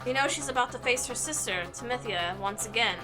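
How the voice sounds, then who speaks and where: Animated woman streamer reading a game story. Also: on the high side, fairly quick. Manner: animated, joking asides between read-aloud story text. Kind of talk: live game playthrough, reading the story aloud. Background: game music.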